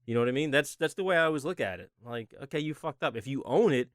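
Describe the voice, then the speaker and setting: A man's voice: mid-range voice, expressive, fast, no echo, clean studio sound. A man in a casual podcast chat, laid-back and reflective, swearing freely.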